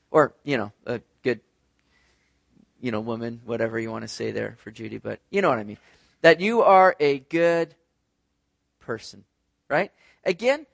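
A man's voice: mid-range voice, vocal fry, no echo. A man preaching a sermon to a congregation in a conversational way, often checking in with "right?". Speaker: pastor. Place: church service.

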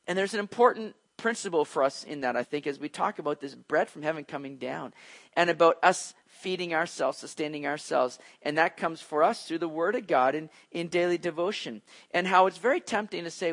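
A high-pitched man preaching a sermon in a loose, conversational way. He gets animated and acts out the voices of the people in his stories, with casual asides along the way. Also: brisk. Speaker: pastor. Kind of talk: expository sermon.

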